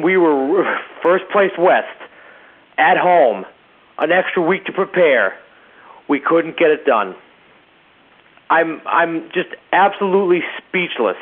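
A man calling in to a radio show, ranting with disgust and heavy profanity. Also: fairly high pitch. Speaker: caller. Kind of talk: ranting voicemail. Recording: tinny phone line.

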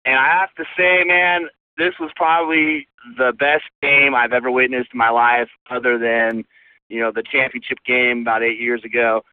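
A man's voice: medium pitch, little pitch movement, normal speed, clear, resonant tone, no echo. A male caller leaving a rambling, profane, overexcited voicemail from his car. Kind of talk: excited fan voicemail. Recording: tinny phone line.

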